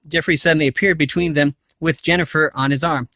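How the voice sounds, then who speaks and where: A man with a slightly high, pushed and bright voice reads a novel aloud fast, his intonation fairly even and with no room sound. It's an amateur audiobook, and he often stumbles, restarts, and corrects himself.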